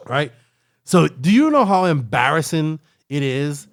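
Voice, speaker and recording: A man's voice: on the high side, measured pace. Rambling man telling a travel story. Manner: rambling, animated, tags lines with "right?" and "like". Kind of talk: casual storytelling chat.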